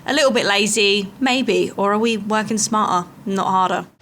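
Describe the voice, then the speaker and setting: A woman's voice: mid-range voice, normal speed, fairly bright tone, a little hiss or hum. A young woman vlogging a hiking trip, chatty and self-mocking as she narrates. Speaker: travel vlogger. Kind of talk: casual travel vlog narration. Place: outdoors on a mountain trail.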